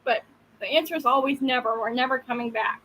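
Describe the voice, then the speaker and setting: A woman's voice: sits high, fairly even intonation, quick pace, sharp tone, slight background noise, low-quality recording. A middle-aged woman from Oklahoma co-hosting a podcast, trading wry, teasing banter in casual chat. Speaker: podcast co-host.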